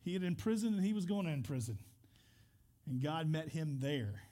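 A man's voice: on the high side, lively intonation, normal speed, warm tone. A man pastor leading a church service, telling a story and praying in an earnest, conversational way with restarts. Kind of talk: church service talk and prayer.

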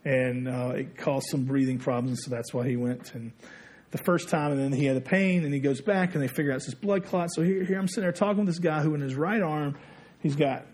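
A man's voice: fairly high pitch, a little fast, a little mellow, husky. A man preaching a sermon, telling a story in a conversational way and dropping his voice when he quotes others. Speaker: pastor.

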